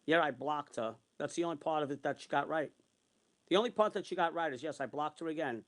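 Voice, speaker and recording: A man's voice: on the high side, fast. Angry ranting man, raised voice. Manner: heated, repetitive, swearing; long retellings of arguments in quotes. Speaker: vlogger.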